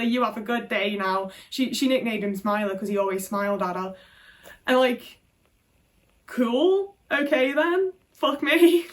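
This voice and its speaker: A woman's voice: on the high side, distant mic. A British woman telling her own life story to camera, frank and full of swearing and "like" fillers. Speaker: video creator. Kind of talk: candid personal storytelling to camera.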